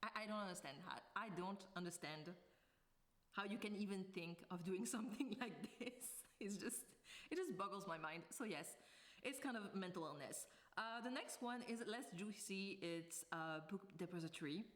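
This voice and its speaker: A woman's voice: medium pitch, expressive, normal speed. A woman book vlogger talking to camera in a casual, chatty way, drifting into tangents and laughing often.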